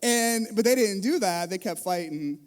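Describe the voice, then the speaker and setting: A middle-aged man, a pastor, preaching a sermon in a lively storytelling manner, acting out scenes from his family life. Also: high voice, normal speed, clean tone. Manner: animated storytelling, acts out his kids and himself. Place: church stage.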